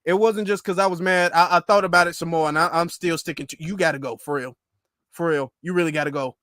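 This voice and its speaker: Man playing a pushy older woman politician, blunt, high voice, dry. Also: steady tone, fast, a bit bright, no room sound, lightly acted. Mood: insistent.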